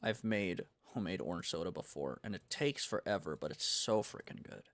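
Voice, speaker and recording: A man's voice: deep voice, lively intonation, fairly quick, fairly bright tone, no echo. A young man from the United States chatting casually on a game-dev livestream, rambling and laid-back, full of slang. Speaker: game developer streaming.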